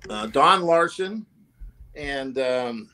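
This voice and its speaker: A man casually telling anecdotes at a roundtable, animated and laughing often, acting out what others said. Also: medium pitch, extremely slow. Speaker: former sales executive telling stories.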